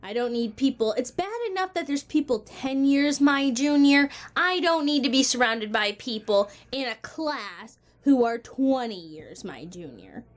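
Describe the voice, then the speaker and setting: High-voiced chatty woman in her twenties. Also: animated, a little slow, few pauses. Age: 20s. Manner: chatty, exasperated, laughs between lines. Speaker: vlogger. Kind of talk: casual vlog chat.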